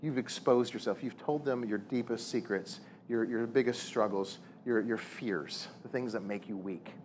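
A man in his thirties preaching a sermon on marriage, animated and full of rhetorical questions and repeated words. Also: mid-range voice, moderate pace, a little hiss or hum. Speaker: pastor.

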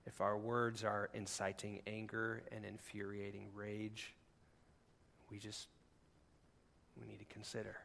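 Male pastor, sermon delivery, bright forceful tone, swings between hushed and near-shouting, chatty asides. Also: on the low side, monotone, unhurried, vocal fry, pauses often, a little hiss or hum. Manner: conversational, with asides and laughs.

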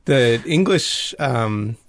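A young adult man co-hosting a podcast, chatting about a book in a relaxed way and adding details with laughs. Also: medium pitch, very slow, slight background noise. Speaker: podcast co-host. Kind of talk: casual book discussion.

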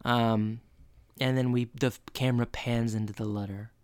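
A man co-hosting a podcast in casual chat, playfully acting out scenes with quick character voices. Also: medium pitch, fairly even intonation, clean tone, dry recording, clean studio sound. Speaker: podcast co-host.

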